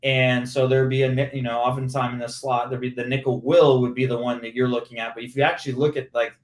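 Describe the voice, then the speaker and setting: Man, 40s, interview guest, animated explainer, roomy echo. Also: medium pitch, fast, recorded from a distance. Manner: animated, explains with hands-on play-by-play detail. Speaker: former pro football receiver, podcast guest. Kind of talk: conversational interview. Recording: roomy, echoey room sound.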